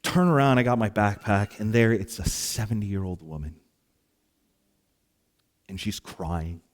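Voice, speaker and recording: A pastor giving a sermon, telling a personal story in a lively, self-mocking way with exaggerated sighs. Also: male voice, on the low side, unhurried. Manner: animated storyteller, acts out exasperated sighs and asides.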